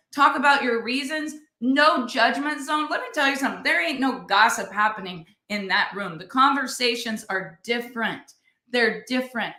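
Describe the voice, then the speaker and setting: A woman's voice: on the high side, sharp tone, reverberant. A middle-aged woman hosting a podcast, telling a personal story straight to her listeners with intense emphasis. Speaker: podcast host.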